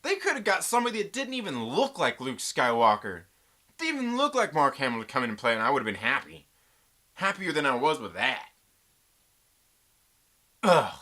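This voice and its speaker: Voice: mid-range voice, fairly quick. A YouTube reviewer giving a casual, ranting review, joking and swearing, full of slang like "dude" and "bro". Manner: animated, profane, joking rants. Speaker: YouTube pop-culture reviewer.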